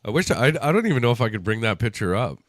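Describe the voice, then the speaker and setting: A man's voice: medium pitch, sing-song, fast talker, dry recording. Joking man on a hockey watch-along stream. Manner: joking, tells crude stories, laughs often. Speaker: livestream host. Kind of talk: casual chat while watching hockey.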